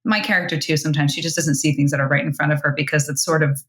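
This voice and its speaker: A young woman talks as a podcast guest, rambling quickly and laughing between thoughts. Her voice sits low, and the room adds a noticeable echo. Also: steady tone. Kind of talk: casual chat.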